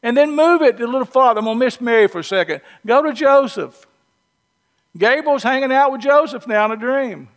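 A man's voice: extremely high pitch, animated, brisk. A man with a Southern US accent preaching a sermon in a folksy, conversational storytelling way with humorous asides. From Southern US, North Georgia or North Alabama.

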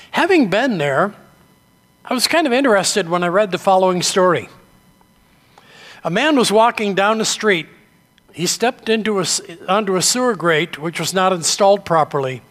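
An older man from New England preaching a sermon, telling stories in a measured, earnest way. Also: high-pitched, fairly bright tone, big-room sound. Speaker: pastor.

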